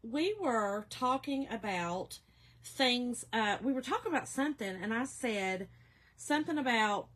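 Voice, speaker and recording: Southern lady crafter, appalachian twang, kinda high voice, laughs a lot while she rambles. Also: animated, unhurried, a bit bright. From Kentucky and Georgia, USA. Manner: chatty storyteller, laughs often, teasing. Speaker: crafting channel host. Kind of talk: casual chat to viewers.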